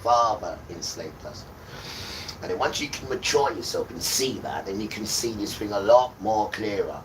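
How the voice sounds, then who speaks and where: A man's voice: fairly low pitch, lively intonation, normal speed. A man hosting a livestream, delivering a scolding, sermon-like rant full of repeated insults. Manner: scolding, repetitive, hurls insults. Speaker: livestream host. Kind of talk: ranting sermon-like monologue. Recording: distant mic with loud background noise.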